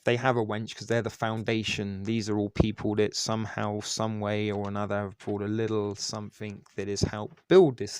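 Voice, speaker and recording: A man's voice: on the low side, a little mellow, smooth, no echo. A man hosting a casual live stream, rambling with lots of fillers and restarts. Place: Toronto.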